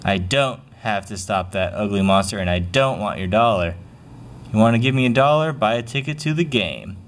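A man voicing a brash, cocky basketball star who talks in a blunt, low voice. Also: expressive, normal speed.

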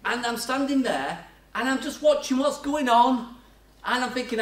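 An older man delivers a sermon in a church hall, spinning chatty personal stories punctuated by self-mocking laughter. He speaks at a normal speed in an extremely high, expressive voice, captured distantly with echoey church acoustics.

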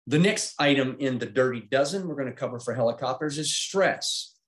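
A man's voice: mid-range voice, expressive, brisk. A middle-aged man giving a safety presentation, walking through slides step by step in a plain-spoken way and checking in with "okay?". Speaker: aviation safety instructor.

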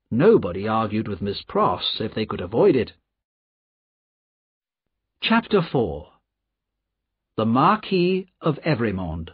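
A man narrating an audiobook in a slow, deliberate storytelling manner, in a dry, slightly dull recording. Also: fairly low pitch, breathy edge, dry recording. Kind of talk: scripted narration.

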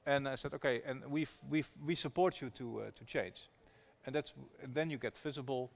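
A man's voice: medium pitch, brisk, gravelly. A man from the Netherlands, an activist investor guest who tells his story with earnest energy and frequent restarts. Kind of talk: storytelling conversation at a public talk.

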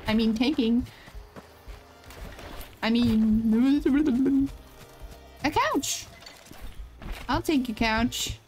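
A woman's voice: high voice, lively intonation, very slow, long pauses, faint music behind. A woman streaming a video game, talking casually with a giggly, playful, self-mocking manner. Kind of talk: casual gameplay commentary.

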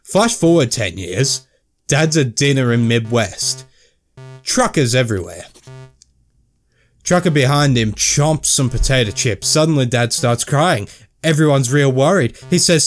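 A young man plays through a story game and reads its inner monologue aloud in choppy, broken sentences. His voice is lively and fairly high, and it swoops around as he jokes and swears casually between lines. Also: moderate pace, soft background music. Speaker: gamer playing and reading a game. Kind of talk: let's play commentary.

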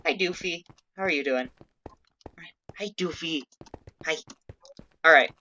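A woman hosts a casual let's play, chatting playfully and talking to her in-game pets in a bit of light role-play. Her voice sits low and she speaks a little slowly, with dull audio over a noisy background.

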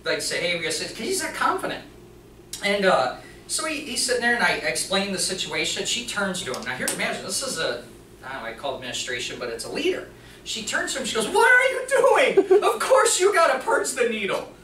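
A man gives a training talk to a room, telling his story with lively swings in pitch and acting out each speaker. His voice is bright and forward. He is picked up from some distance, with roomy echo and a faint hiss behind him. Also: quick pace. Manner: animated storytelling, acting out dialogue in quotes. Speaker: workplace trainer and mechanic. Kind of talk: live presentation to an audience. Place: meeting room at a hospital.

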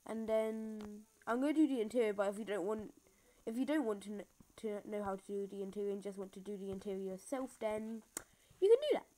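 A woman's voice: mid-range voice, fairly even intonation, fairly quick, dark tone, low-quality recording. A woman talking through a building tutorial in a rambling, self-mocking way, full of fillers, recorded on a phone screen recorder. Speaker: game tutorial maker. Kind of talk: casual building tutorial commentary. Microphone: phone screen recorder mic.

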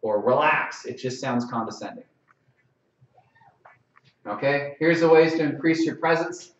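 A man's voice: medium pitch, lively intonation, unhurried. Man lecturing in an echoey room. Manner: conversational, frequent "okay?" check-ins, acts out sample lines. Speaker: lacrosse officials trainer. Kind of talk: training session lecture. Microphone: distant mic. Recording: roomy, distant, dull live-stream audio.

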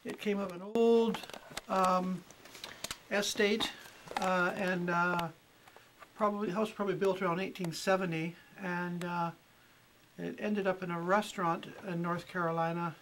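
A middle-aged woman talks at an easy pace in her own home at night. Her storytelling is chatty and full of little pauses, ums and uhs. There is a faint background hum behind her. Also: lowish voice, steady tone, poor audio. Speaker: homeowner and guest. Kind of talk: casual storytelling.

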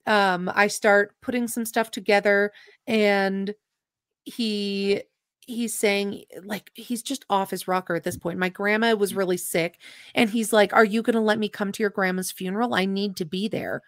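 A woman's voice: medium pitch, steady tone, moderate pace, no echo. Woman telling her story, dry close sound. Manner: earnest, emotional retelling with quoted dialogue. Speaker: podcast guest. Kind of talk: personal storytelling in an interview.

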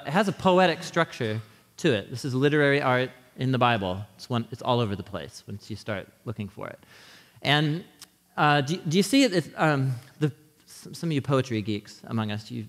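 A man preaching a sermon in a church, teaching in a conversational, animated way and often checking in with his listeners. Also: medium pitch. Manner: animated teaching with frequent restarts. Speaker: pastor. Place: church sanctuary. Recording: long hall reverb.

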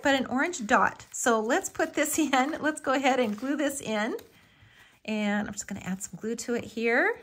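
A woman's voice: a little high, fairly bright tone. Chatty woman hosting a craft tutorial. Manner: chatty and homey, fond of "little" and "so cute", with frequent ums. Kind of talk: live watercolor and papercraft tutorial.

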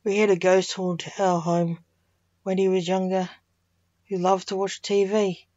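A woman's voice: mid-range voice, little pitch movement, unhurried, a little mellow, no room sound, lo-fi sound, lightly acted. Senior: curt older man, grim reaper grandfather, snaps at people, read by a woman. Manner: curt, snappish.

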